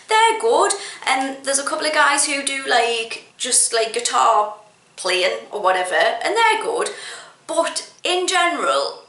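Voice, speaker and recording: Exasperated English woman ranting in a roomy space. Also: fairly high pitch. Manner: exasperated, sweary, animated ranting. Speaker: vlogger. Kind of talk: casual ranting monologue. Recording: roomy echo.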